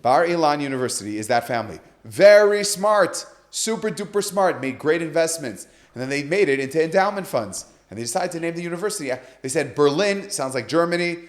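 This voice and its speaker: A man's voice: fairly high pitch, animated, a little fast, hardly any pauses. A man on a podcast, telling a story with animation and acting out the quoted dialogue. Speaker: guest speaker.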